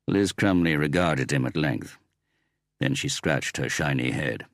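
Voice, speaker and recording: A man narrating a crime novel in a measured, expressive reading. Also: rumbling low, no room sound, clean studio sound. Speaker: audiobook narrator. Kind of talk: scripted narration.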